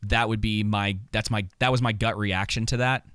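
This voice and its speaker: Animated man co-hosting a podcast. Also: fairly low pitch, clean tone, no room sound, clean studio sound. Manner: animated, reacts with quick interjections. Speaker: podcast co-host. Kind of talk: casual podcast discussion.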